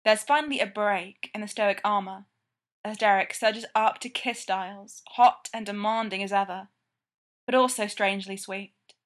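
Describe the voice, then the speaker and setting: A woman reading a story aloud, narrating in a slow, measured way. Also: medium pitch, fairly even intonation. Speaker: reader of fan fiction.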